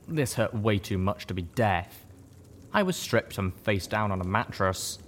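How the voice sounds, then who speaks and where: A man giving a first-person audiobook narration with steady storytelling. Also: lowish voice, a little slow, a little hiss or hum.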